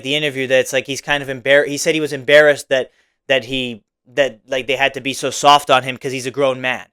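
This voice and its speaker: A man's voice: medium pitch, fairly bright tone, smooth. A young man hosting a solo podcast, talking casually and rambling, with many "like"s and "right?"s. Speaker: podcast host.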